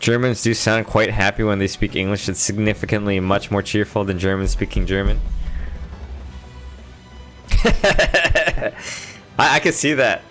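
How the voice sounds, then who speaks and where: A man's voice: lowish voice, unhurried, long pauses, fairly bright tone, soft background music. A man streaming a game, chatting casually and thinking aloud in a laid-back, rambling way. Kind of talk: casual chat while gaming.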